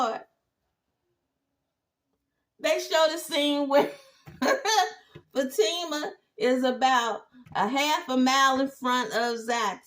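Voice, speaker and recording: A woman giving a casual, animated TV episode recap with exclaiming asides. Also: high-pitched. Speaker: TV recap host.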